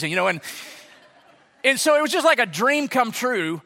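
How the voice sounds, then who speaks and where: A man's voice: sits high, brisk. A middle-aged man preaching a sermon, telling a story and acting out the voices in it. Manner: animated, acts out voices in anecdotes. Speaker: pastor. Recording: long hall reverb.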